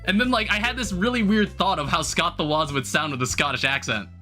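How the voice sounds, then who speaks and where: A young man plays a game on a live stream, chatting casually and thinking aloud in a rambling way, with lots of filler words. His voice sits high and is bright and forceful, at a slightly fast pace, with faint game music behind him.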